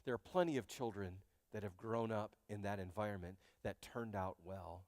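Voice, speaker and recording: A man preaching a sermon as pastor, animated and joking, speaking straight to his congregation in a church. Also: fairly low pitch, normal speed, dry recording, big-room sound. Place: church sanctuary.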